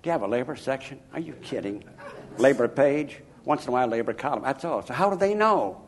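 An older man from Chicago, an author interviewed about his life, telling anecdotes in an emphatic, animated way. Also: mid-range voice, fast. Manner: animated, emphatic, chuckling raconteur. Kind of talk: anecdotal storytelling.

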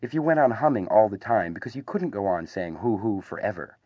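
A man reading a children's storybook aloud as narrator, in an animated, expressive way. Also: on the low side, a little fast, no room sound, dull audio.

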